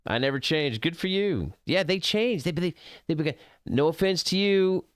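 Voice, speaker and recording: A man's voice: on the high side, lively intonation, moderate pace, no echo, studio quality. A man streaming a game, ranting casually and profanely, rambling and getting heated. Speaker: gaming streamer. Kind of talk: casual rant over gameplay.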